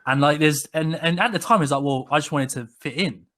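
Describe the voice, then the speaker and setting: A man's voice: fairly high pitch, brisk. Rambling man. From England. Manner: rambling, many restarts, animated when quoting people. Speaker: podcast co-host. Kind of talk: casual conversational storytelling.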